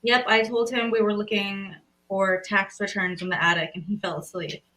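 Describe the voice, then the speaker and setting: A woman's voice: medium pitch, steady tone, normal speed, pushed and bright, poor audio. A woman on a podcast reading a comic's panels aloud with playful emphasis in a casual chat. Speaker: podcast guest.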